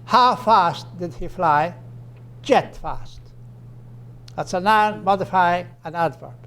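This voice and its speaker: A man giving a grammar lecture, slowing down and stressing his example phrases. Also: high-pitched, fairly bright tone. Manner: explanatory, with fillers and restarts. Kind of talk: recorded lecture.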